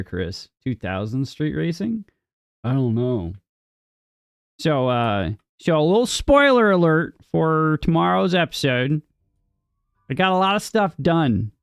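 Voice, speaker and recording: A man's voice: mid-range voice, no echo. A man streaming a strategy game, chatting casually and answering his chat, often repeating words as he talks. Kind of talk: casual gaming commentary, reading chat.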